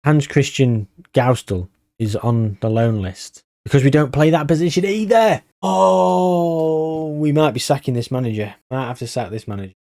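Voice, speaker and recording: Wry, chatty man, mellow voice. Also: medium pitch, lively intonation, normal speed, few pauses, no echo, clean studio sound. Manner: chatty, wry and sarcastic, thinking aloud. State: tired. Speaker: gaming YouTuber. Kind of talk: casual game commentary.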